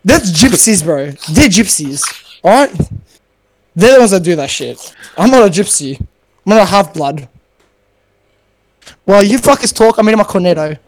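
A young man on a casual podcast call from his garage, swearing a lot and protesting loudly when teased. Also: high-pitched, expressive, normal speed, long pauses, rough recording. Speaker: podcast co-host. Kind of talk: casual chat.

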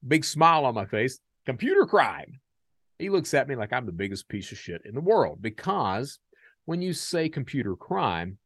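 An American man hosting a podcast, talking casually and candidly with many fillers, growing animated in his stories. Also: mid-range voice, no echo, studio quality. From United States. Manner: animated when telling stories. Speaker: podcast host.

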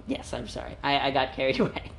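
A woman's voice: extremely low pitch, lively intonation, fast, vocal fry, a little hiss or hum. A woman hosting a comedy podcast who rambles playfully, breaking into giggles and grand mock speeches. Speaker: podcast host.

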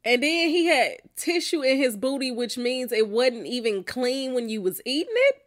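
A woman's voice: high voice, big pitch swings, normal speed. A woman hosting a podcast, reacting bluntly and profanely to listener answers, often laughing. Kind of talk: casual reaction chat.

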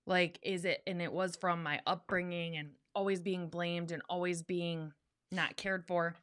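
A woman's voice: fairly low pitch, fairly even intonation, a little slow, fairly bright tone. A woman co-hosting a podcast, talking candidly and earnestly, repeating words for emphasis. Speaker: podcast co-host. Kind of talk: casual chat.

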